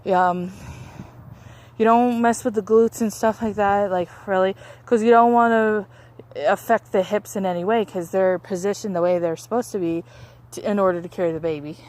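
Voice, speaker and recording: A woman's voice: mid-range voice, steady tone, moderate pace, darkish tone. A young woman, a massage therapist, casually chatting about her week with lots of fillers and restarts. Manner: rambling, many fillers and restarts. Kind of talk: casual chat.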